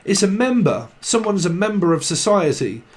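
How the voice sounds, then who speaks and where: A man's voice: high-pitched, big pitch swings, moderate pace. A man giving a casual tarot reading to camera. He rambles, laughs often and drifts into snatches of song. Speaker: tarot reader.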